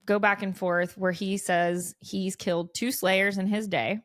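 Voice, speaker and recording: A woman co-hosting a podcast, talking in a gushing, playful way. Her voice sits at a middle pitch. She is recorded close and dry, with no room sound. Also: little pitch movement, fairly bright tone, no room sound. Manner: gushing, playful, quick to laugh. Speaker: podcast co-host. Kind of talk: casual chat.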